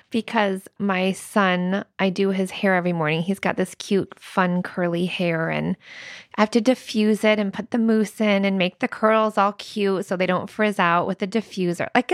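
A woman's voice: mid-range voice, normal speed, no room sound, clean studio sound. A woman co-hosting a podcast, talking openly and casually about her marriage and family, often laughing as she speaks. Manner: candid and confessional, laughs often. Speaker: podcast co-host. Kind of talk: casual chat.

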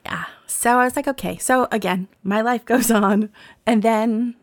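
A woman's voice: fairly high pitch, normal speed, no room sound. A woman in her forties telling a personal story in casual conversation, acting out the dialogue and laughing often. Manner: lively storyteller who acts out quoted dialogue and laughs often.

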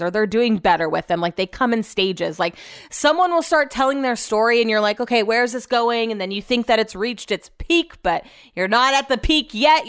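A woman's voice: mid-range voice, a bit bright, clear, resonant tone, dry recording, clean studio sound. A young woman hosting a podcast, telling stories in casual chat, chatty and emotional with frequent swearing. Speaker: podcast host.

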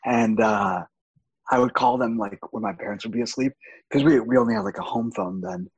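A young adult man on a podcast as a guest, speaking openly and with animation, laughing often, with a husky voice. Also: mid-range voice, fairly quick, no echo, lo-fi sound. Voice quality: husky, gravelly. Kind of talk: candid casual chat.

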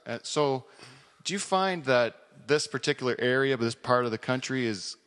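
A man hosting an interview, asking halting questions and backing them with lots of agreement. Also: medium pitch, lively intonation, a bit bright, long reverb tail. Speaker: show host. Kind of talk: casual interview.

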